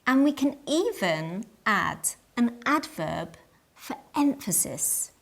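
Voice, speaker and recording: A woman narrating a scripted English lesson in a clear, deliberate way. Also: a little high, sing-song. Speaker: English teacher.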